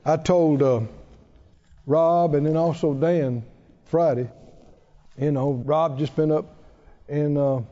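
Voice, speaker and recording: A man's voice: on the high side, fairly even intonation, takes it slowly, pauses often, dark tone, highs cut off. A male pastor preaching a sermon with emphatic delivery, his voice surging on key phrases.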